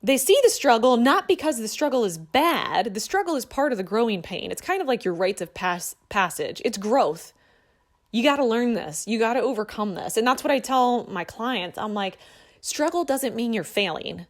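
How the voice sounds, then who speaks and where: A woman in her thirties, a coach, telling a personal story to her viewers in an earnest, assertive way. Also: fairly high pitch. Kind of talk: casual motivational talk to camera.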